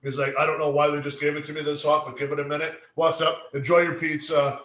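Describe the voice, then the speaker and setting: A man's voice: on the high side, level tone, quick pace, fairly bright tone. A man co-hosting a casual podcast chat, telling stories with a lot of swearing and acting out what people said. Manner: swearing storyteller acting out quotes. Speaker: podcast co-host. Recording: echoey room.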